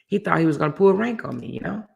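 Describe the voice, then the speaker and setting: A woman hosting a casual chat show, telling a story with animated energy and reading out viewer comments. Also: on the low side, fast, vocal fry, lo-fi sound. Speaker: host.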